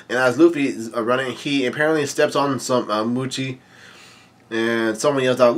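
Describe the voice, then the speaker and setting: A man casually reading a manga aloud and commenting on it, halting often with fillers and restarts. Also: medium pitch, fairly even intonation.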